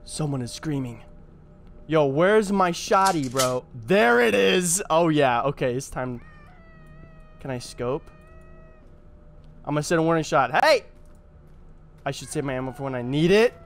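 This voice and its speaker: A young man casually commenting on a horror game, excitable and slangy, talking straight to his viewers. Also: fairly high pitch, measured pace, creaky, pauses often. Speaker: gaming YouTuber.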